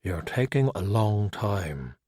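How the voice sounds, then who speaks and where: A man voicing a calm, dry-witted skeleton detective who speaks in a measured, deadpan way. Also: lowish voice, breathy edge, no room sound, heavily acted.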